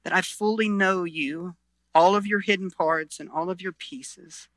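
A middle-aged pastor delivering a sermon with a bright, forceful voice. He swings from loud, emphatic lines to hushed, intense ones and often restarts his phrases. The recording is dry and close, with no room sound. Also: sits high, fairly even intonation, measured pace, no echo. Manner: earnest, shifts between loud emphasis and quiet intensity, frequent restarts.

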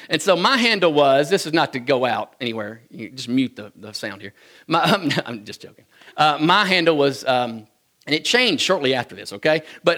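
Guy in his 40s, joking storyteller, bright kinda high voice. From Kentucky, US. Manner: folksy, joking, chuckles often. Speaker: speaker addressing an audience. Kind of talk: humorous personal storytelling talk.

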